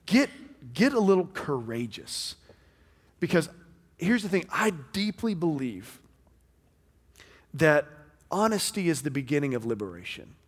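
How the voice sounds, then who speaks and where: A man preaching a sermon as pastor, talking in a conversational way that swings between loud and hushed. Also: a little high, sing-song, unhurried, pauses often, husky. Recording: long hall reverb.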